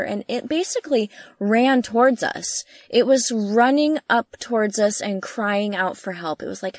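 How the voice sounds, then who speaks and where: Young woman in a camper van telling a road trip story, chatty and excitable, dry close sound. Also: normal speed, hardly any pauses, no room sound. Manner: animated, lots of fillers, jumps high when quoting herself. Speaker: travel vlogger. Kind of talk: casual storytelling chat. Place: inside a parked camper van.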